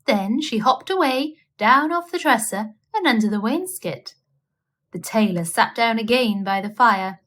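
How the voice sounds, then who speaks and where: A woman reading a children's bedtime story aloud in a gentle, expressive manner. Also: a little high, a little slow.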